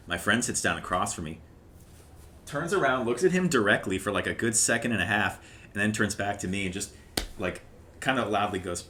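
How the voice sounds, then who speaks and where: A young man and podcast co-host telling a story casually, animated and often laughing. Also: lowish voice, fairly quick, pauses often, slight background noise.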